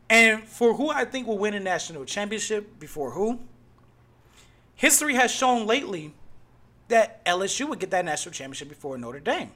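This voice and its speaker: A man from Cleveland, Ohio hosting his own podcast, talking casually and breaking into loud mocking outbursts. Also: high voice, very animated, fairly quick. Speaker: podcast host. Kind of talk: casual solo podcast talk.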